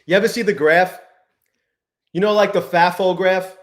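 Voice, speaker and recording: A man hosting a live trading stream, chatting with viewers, swearing often and swinging between low mutters and exasperated outbursts. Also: steady tone, moderate pace, echoey room. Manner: profane, exasperated, talks to chat. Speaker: livestream trading host.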